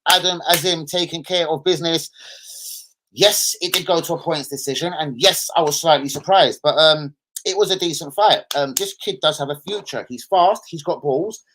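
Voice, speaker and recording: A man's voice: on the high side, normal speed, sharp tone, slight background noise. A man hosting a football live stream, rambling casually, swearing and bantering with his viewers.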